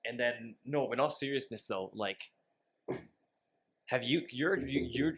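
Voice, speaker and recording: A man's voice: mid-range voice, a little slow, a bit bright, slight background noise. Joking young man. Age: 20s. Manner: rambling, joking, swears freely. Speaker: podcast co-host. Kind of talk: casual chat.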